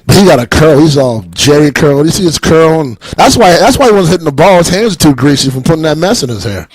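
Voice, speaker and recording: A man's voice: on the high side, lively intonation, fast, a little mellow, no room sound, rough recording. A young adult man with a Boston accent doing a rambling stand-up comedy set, laughing at his own jokes and acting out other voices. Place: live stage.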